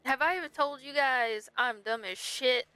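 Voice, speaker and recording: A woman's voice: sits high, normal speed, bright, forceful tone, clean tone. A woman streaming a video game, chatting and narrating in a self-mocking, playful way. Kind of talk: casual gameplay chat and narration.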